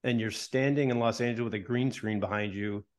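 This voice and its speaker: Measured male sports broadcaster. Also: on the low side, fairly even intonation. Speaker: sports broadcaster and podcast co-host. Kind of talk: casual sports talk.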